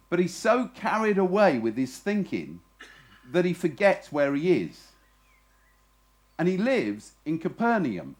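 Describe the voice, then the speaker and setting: A man preaching at a festival, telling a story and acting out the shouted lines. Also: fairly high pitch. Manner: lively storyteller, acts out shouted voices. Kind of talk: sermon with storytelling. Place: festival stage.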